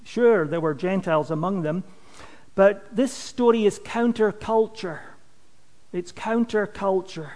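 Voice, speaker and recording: Man, sermon, high-pitched voice, earnest, emphatic, phrase ends drop off, long hall reverb. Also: measured pace, darkish tone. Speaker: preacher.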